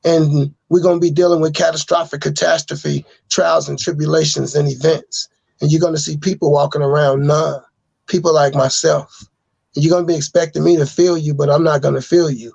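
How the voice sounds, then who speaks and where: Man guest preaching at his host, keeps repeating himself, voice sits a bit high, really gravelly. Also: flat delivery, brisk, a little mellow, no echo. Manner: insistent, repeating phrases like a sermon. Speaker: podcast guest. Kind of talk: earnest preaching monologue.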